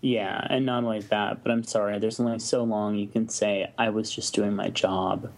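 A man's voice: fairly low pitch, level tone, moderate pace. A man on a comedy podcast panel, speaking indignantly and swearing freely. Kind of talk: casual podcast discussion.

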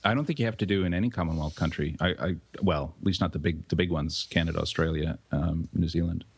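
A man on a podcast panel, calmly explaining things at length in casual chat. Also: low-pitched, quick pace, gravelly, husky.

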